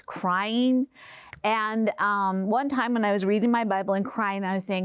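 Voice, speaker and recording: A middle-aged woman in an interview, talking about her family in a hesitant way with many pauses and fillers. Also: medium pitch, smooth, dry recording. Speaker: interviewee, mother of the guest. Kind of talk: personal interview.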